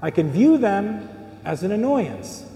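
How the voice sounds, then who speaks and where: Middle-aged male priest, high-ish mellow voice, chatty sermon with lots of rhetorical questions, boomy church reverb. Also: very animated, a little slow. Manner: conversational preaching with rhetorical questions. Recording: echoey church hall with long reverb.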